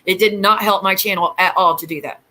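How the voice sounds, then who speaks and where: Bright-voiced woman ranting on stream. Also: mid-range voice, fairly even intonation, brisk, rough recording. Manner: aggrieved, rambling storytelling with quoted exchanges. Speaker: YouTube livestream host. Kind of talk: casual ranting livestream talk.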